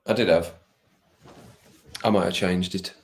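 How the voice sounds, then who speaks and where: A man chats casually with his stream viewers during a football watch-along, calling them by name and laughing easily. His voice sits low, and the sound echoes around the room he records in. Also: steady tone, measured pace. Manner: chatty, addresses chat viewers by name, laughs often. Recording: roomy echo.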